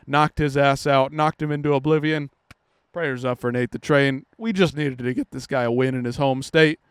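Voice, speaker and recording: A man's voice: sits high, clear, resonant tone, dry recording, studio quality. A man giving a brash, profane casual recap of fight results, trash-talking the fighters. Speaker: MMA commentary host.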